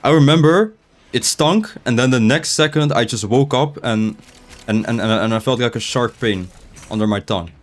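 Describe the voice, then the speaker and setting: A man's voice: mid-range voice, moderate pace. A young man chatting casually while gaming, rambling with many restarts and filler words, his speech slightly unclear. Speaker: gaming streamer. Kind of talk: casual gameplay commentary. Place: his room, seated in a chair.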